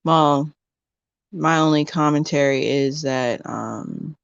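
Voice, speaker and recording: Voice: mid-range voice, slow, vocal fry, clear, resonant tone, no room sound, muffled recording. A livestream guest talking casually and hesitantly, with many fillers. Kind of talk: casual chat.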